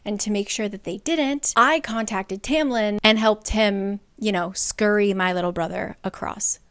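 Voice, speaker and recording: A woman's voice: mid-range voice, measured pace, a bit bright, clear, resonant tone, close to an everyday voice. A woman voicing a brooding male fae noble who answers curtly and defensively, in her own casual voice.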